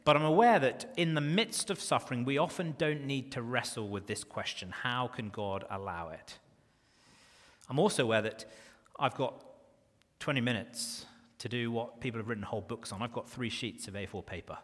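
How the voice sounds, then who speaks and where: A man preaching a sermon in a church, earnest and dropping to a hush on key phrases. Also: mid-range voice, normal speed. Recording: long reverb of a church hall.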